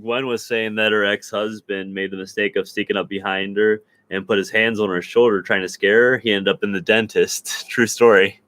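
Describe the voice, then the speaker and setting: A young man with a fairly low voice talks in an easygoing way. He is from Ohio and co-hosts a paranormal chat stream, reading viewer comments aloud. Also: little pitch movement, moderate pace, few pauses, a bit bright. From Ohio, USA. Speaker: paranormal show co-host. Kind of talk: casual live-stream chat.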